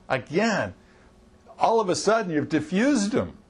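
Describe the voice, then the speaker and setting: A man's voice: on the high side, sing-song, a little slow, husky. A middle-aged man coaching auto service writers in a conversational training talk, acting out what customers and staff say. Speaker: marketing coach.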